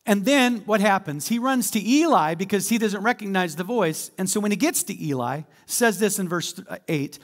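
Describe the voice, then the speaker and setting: A pastor with a high voice preaches from the stage of a church sanctuary. He speaks animatedly and keeps calling on the congregation to answer him. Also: animated, moderate pace, hardly any pauses. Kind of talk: sermon.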